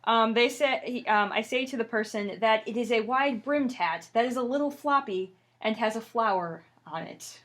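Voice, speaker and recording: Hesitant female player, high voice. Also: normal speed, few pauses, a bit bright. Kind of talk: tabletop game play.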